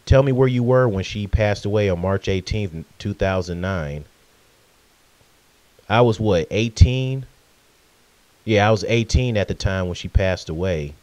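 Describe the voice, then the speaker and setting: A man's voice: lowish voice, unhurried, long pauses, a little mellow, no echo. A man in his twenties talking in a casual, conversational vlog tribute, with fillers and asides. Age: 20s. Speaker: vlogger.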